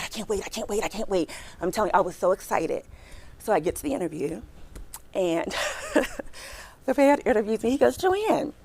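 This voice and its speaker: A middle-aged woman recruiter giving a lively career workshop, talking fast and chatty and asking her audience questions. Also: medium pitch, a little hiss or hum.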